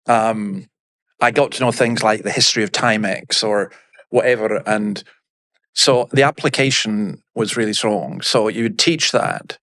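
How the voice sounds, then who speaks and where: A man's voice: lowish voice, measured pace, no echo, clean studio sound. A middle-aged man, a minister telling blunt, emphatic stories as a podcast guest. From Scotland. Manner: lively anecdotal storyteller, blunt and emphatic. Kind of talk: storytelling in a podcast interview.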